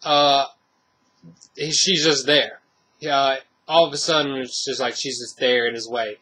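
Bright-voiced man rambling through a review. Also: medium pitch, fairly even intonation, a little slow. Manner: rambling, many fillers and restarts. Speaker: horror movie reviewer. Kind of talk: casual spoken movie review.

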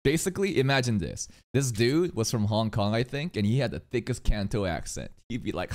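A man streaming live anime reaction commentary, excitable and exclamatory, swearing often and repeating words rapidly when surprised. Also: lowish voice.

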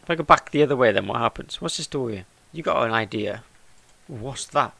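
A man's voice: mid-range voice, expressive, fairly quick, vocal fry, pushed and bright, no room sound. A man giving chatty, jokey let's-play commentary and talking to the characters on screen. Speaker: gaming YouTuber.

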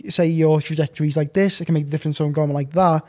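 A young man talks casually as a podcast guest, winding through his stories with lots of fillers and restarts. His voice is a touch higher than most men's and has a mellow, warm tone. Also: steady tone, fast. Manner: rambling, filler-heavy storytelling. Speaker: podcast guest, online reseller.

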